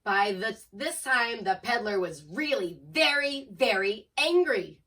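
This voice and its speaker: Slow expressive woman reading picture book aloud. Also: on the high side. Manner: expressive, asks listeners questions. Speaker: storyteller.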